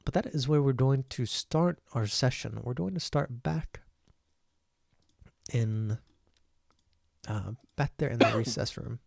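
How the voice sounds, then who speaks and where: A man narrating as game master in a relaxed way, with frequent fillers. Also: mid-range voice, slow, gravelly, long pauses, no room sound, clean studio sound.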